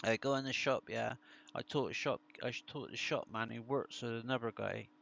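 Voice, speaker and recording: Gravelly British man telling rambling stories. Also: mid-range voice, steady tone, fairly quick, fairly bright tone, muffled recording. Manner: rambling storytelling with swearing. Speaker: streamer. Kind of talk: casual chat to viewers.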